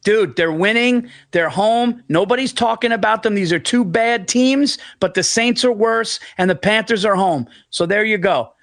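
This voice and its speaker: A man's voice: sits high, moderate pace, few pauses, fairly bright tone, dry recording, studio quality. A man co-hosting a podcast in casual sports chat, blunt and profane, laughing at his own jokes. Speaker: podcast co-host.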